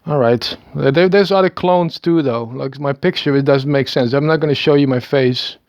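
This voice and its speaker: Here a man in his thirties from the Netherlands, a video maker with a Dutch accent, talks at a moderate pace in a medium, darkish voice. His self-recorded monologue wanders, broken by stammered restarts and little laughs. The sound is dry and dull.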